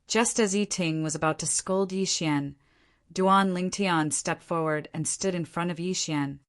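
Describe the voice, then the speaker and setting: A woman narrating an audiobook in scripted fashion. Her reading is even and steady, with a fairly low pitch. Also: unhurried.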